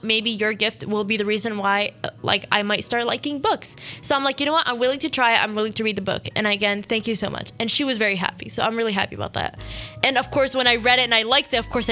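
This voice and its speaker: A woman's voice: on the high side, bright, forceful tone. A young woman hosting a radio show, telling a personal story in a casual, rambling way, correcting herself often and sniffling now and then. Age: young adult. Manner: chatty, rambling, self-correcting, many "like"s.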